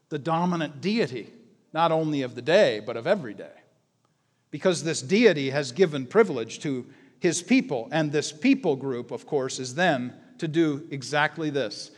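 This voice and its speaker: A man preaching a sermon, animated and emphatic, swinging between soft asides and loud exclamations. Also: fairly high pitch. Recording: long reverb of a large hall.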